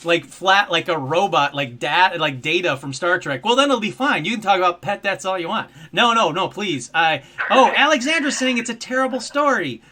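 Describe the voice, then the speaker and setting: Lively, bright-voiced male call-in host. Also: sits high, moderate pace, hardly any pauses, a little hiss or hum. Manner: animated, self-mocking, easily excited. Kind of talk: casual live call-in show.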